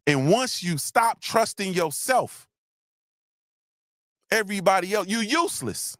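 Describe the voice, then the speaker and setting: A man's voice: expressive, moderate pace, dry recording, studio quality. A middle-aged man hosting a live motivational talk, repeating himself and growing emotional. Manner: repetitive, preachy, shouts out viewers; gets emotional, voice drops low.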